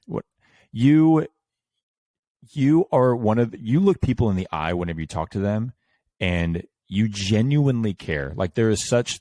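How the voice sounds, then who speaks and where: A man's voice: on the low side, a little mellow, no room sound, clean studio sound. A young man hosting a podcast, telling stories casually with laughs and self-mocking humor. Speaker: podcast host.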